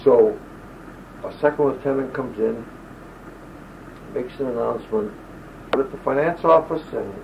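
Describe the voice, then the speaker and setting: A man's voice: medium pitch, moderate pace, vocal fry, long pauses. An older man telling rambling wartime stories in an oral-history interview, often acting out the people he quotes. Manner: loose, digressive, acts out quoted voices. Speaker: interviewee, army veteran. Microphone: home audio recorder. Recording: lo-fi old tape with faint hiss.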